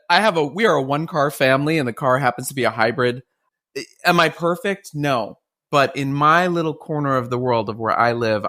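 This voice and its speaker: Male host, joking and playful, a bit high-pitched, chatty. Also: a bit bright. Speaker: podcast host. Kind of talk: casual podcast interview.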